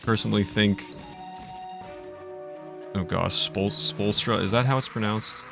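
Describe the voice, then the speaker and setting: A man's voice: fairly low pitch, unhurried, gravelly, over music. A man streaming a video game live, chatting and rambling casually with viewers.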